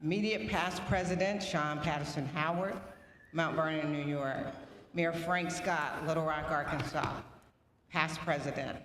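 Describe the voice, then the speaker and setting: Woman reading names in an echoey hall. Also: low-pitched. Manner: steady, measured roll call. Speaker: announcer at a board installation. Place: large banquet hall. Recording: echoey hall with long reverb and faint noise.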